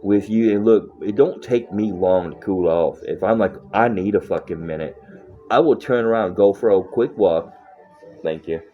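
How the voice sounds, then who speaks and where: Deep-voiced profane man rambling casually. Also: normal speed, dull audio. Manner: profane, rambling, laughs often. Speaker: livestreamer. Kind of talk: casual livestream chat.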